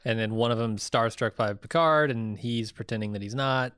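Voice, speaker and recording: A man from the United States co-hosting a podcast, walking through ideas in a relaxed, thoughtful way. His voice sits at an everyday middle pitch, recorded close and dry. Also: normal speed, clean tone, no room sound. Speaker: podcast co-host. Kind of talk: casual podcast chat.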